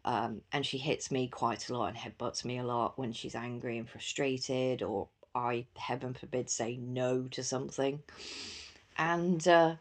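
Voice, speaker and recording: A woman's voice: a bass voice, steady tone, unhurried. A young woman hosting a podcast, chatting casually with lots of fillers and frequent laughter. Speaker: podcast host. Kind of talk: casual solo chat.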